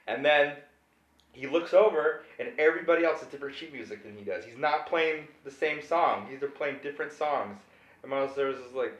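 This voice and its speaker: A drunk man rambling through a comedic recap of a film, swinging between loud and quiet. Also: mid-range voice, fast, lo-fi sound, slight background noise. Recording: echoey room.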